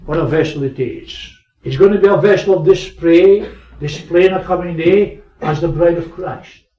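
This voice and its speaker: A man preaching a sermon, swinging between raised emphasis and quiet asides. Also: a little high, normal speed. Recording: echoey, distant, muffled recording.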